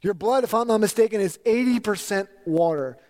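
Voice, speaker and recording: A man delivers a sermon in a high, ringing voice. He drives his points home with repeated phrases that rise in emphasis. His words linger in the long reverb of a large hall. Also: fairly quick, darkish tone. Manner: emphatic preaching with repeated lists and rising emphasis. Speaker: pastor.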